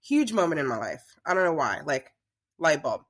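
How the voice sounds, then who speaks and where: Woman, talk show host type, guest spinning a lively story in a casual chat. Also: deep voice, normal speed. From Southern United States. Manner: chatty, animated storyteller.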